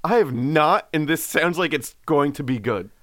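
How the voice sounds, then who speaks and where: A man's voice: a little high, animated, fairly bright tone, no echo. Jokey male podcast co-host, dry sound. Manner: jokey, quick to banter. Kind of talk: casual podcast chat.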